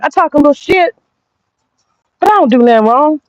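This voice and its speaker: A woman's voice: sits high, animated, brisk, dry recording. A woman streamer giving brash, profane gossip commentary straight to her viewers, often laughing. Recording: dull lo-fi dry sound.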